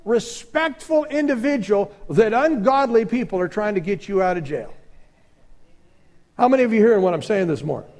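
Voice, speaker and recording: A male pastor preaching a sermon, emphatic and swinging between loud exclamations and quiet asides. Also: sits high, lively intonation, moderate pace.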